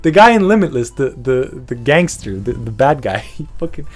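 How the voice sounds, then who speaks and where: A man's voice: medium pitch, sing-song, normal speed, faint music behind. A man hosting a podcast, rambling through a profane, casual rant and laughing often. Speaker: podcast host.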